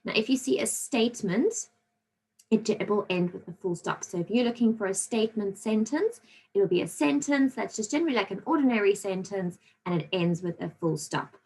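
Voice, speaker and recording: A woman's voice: mid-range voice, expressive, fairly quick, darkish tone, slightly rough, rough recording. A woman teaching a recorded grammar lesson to children, explaining patiently and checking in often with "okay?". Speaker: primary school teacher.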